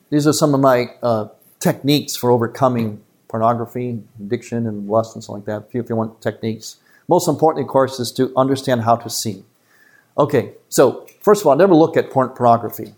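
A man, a priest giving a retreat talk to a live audience in an earnest, emphatic way with quick asides. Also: mid-range voice, darkish tone.

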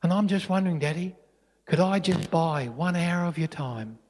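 A man voicing a pleading, tearful little boy of about ten, raising his voice high. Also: brisk, a little mellow, in a large hall.

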